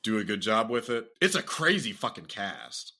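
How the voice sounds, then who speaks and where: Bright-voiced, animated American man. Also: lowish voice, normal speed. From United States. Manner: animated, profane, laughs often, slips into mock accents. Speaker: podcast host. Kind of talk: casual podcast chat.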